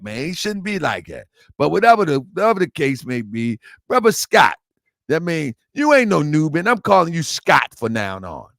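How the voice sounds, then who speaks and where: A man's voice: a little high, creaky, fairly bright tone, dry recording, studio quality. A man hosting his online show, talking in a rambling, repetitive way with lots of slang. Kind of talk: casual livestream talk.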